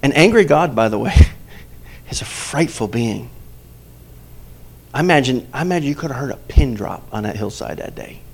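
A male pastor delivers a sermon in a middle-pitched voice, questioning his listeners as he goes. His delivery swings from loud, stressed points to hushed, gentle asides. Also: expressive, normal speed, vocal fry, pauses often, breathy edge. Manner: emphatic preaching, asks the congregation questions and swings between loud and soft.

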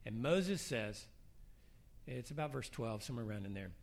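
A middle-aged man delivering a sermon at a mid-range pitch. He slips into quiet, almost whispered prayers, then lifts into emphatic questions to the congregation. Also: animated, normal speed, gravelly. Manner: shifts between soft, hushed prayer lines and rising emphatic questions. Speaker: preacher.

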